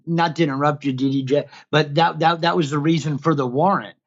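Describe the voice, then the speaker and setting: A man who is a guest, telling his own story in casual conversation and growing loud as he acts out what happened. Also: fairly high pitch, a little fast, dull audio. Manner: animated, gets loud when re-enacting events. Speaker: guest, father who counsels other fathers. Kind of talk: casual conversation, recounting events.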